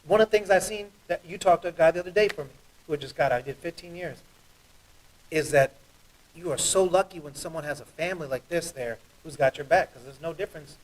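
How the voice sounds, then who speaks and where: A man who is a judge, talking earnestly and quickly as an interview guest, telling stories with animation. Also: a little high, recorded from a distance, low-quality recording. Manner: earnest, fast, animated storytelling. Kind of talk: interview guest, heartfelt talk.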